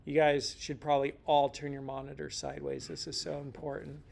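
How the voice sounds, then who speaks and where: A man's voice: a little high, monotone, brisk, gravelly, darkish tone. A middle-aged man teaching a casual lecture in a rambling, joking way, full of slangy asides. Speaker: instructor.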